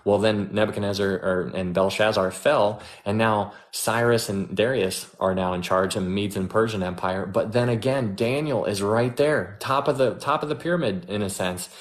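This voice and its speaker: A man giving a casual, animated Bible teaching as host, chatty and full of restarts. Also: lowish voice.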